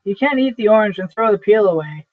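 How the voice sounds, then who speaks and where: A man's voice: high voice, expressive, fast talker. A man reading as a desperate aging salesman, pleading. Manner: pleading, insistent. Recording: dry, tinny phone-like sound.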